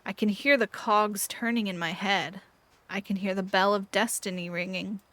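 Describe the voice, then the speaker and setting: A woman streamer narrating an interactive mystery book aloud, playful and animated between passages. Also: medium pitch, moderate pace, dry recording. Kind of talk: dramatic read-aloud narration.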